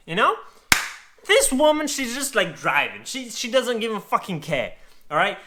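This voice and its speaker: A man from Grenada telling a funny real-life story in a casual, animated way, swearing and laughing as he goes. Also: sits high, moderate pace, a little hiss or hum. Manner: animated, swears freely, laughs along, acts out voices. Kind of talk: casual anecdote told to camera.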